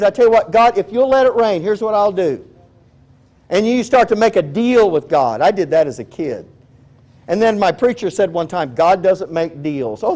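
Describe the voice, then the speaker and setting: Male preacher, high voice, folksy sermon delivery, animated storytelling. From Texas. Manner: folksy, animated, acts out quoted prayers. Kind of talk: conversational sermon.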